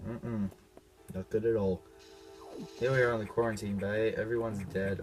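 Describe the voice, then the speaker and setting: A man's voice: on the low side, steady tone, moderate pace, darkish tone, faint music behind. A man with a cough, unwell, giving casual self-deprecating commentary while playing a video game. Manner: self-deprecating, apologetic asides. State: sick with a cough. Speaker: let's play host.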